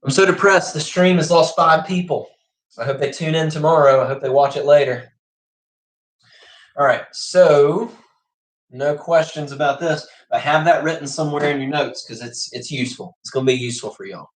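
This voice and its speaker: Chatty man teacher, fairly high voice, livestream lesson in an echoey room. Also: moderate pace. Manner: chatty, keeps checking in with okay.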